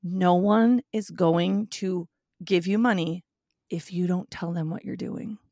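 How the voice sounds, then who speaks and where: A woman guest on a podcast, talking in a candid, animated way with emphatic swings in pitch and loudness. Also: slow pace, dry recording, clean studio sound. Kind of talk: casual podcast conversation.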